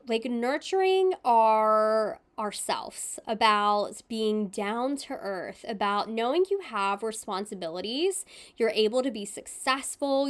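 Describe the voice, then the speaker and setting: A young woman with a slightly high voice talks through a tarot reading in a relaxed, casual way. She sounds gentle and upbeat, with frequent little fillers between her thoughts. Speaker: tarot reader.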